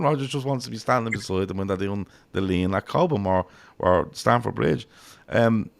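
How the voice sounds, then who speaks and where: Gravelly low-voiced Irish man. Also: moderate pace, few pauses. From Ireland. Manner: rambling, swears freely, acts out quotes. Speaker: podcast host. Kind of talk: casual football chat.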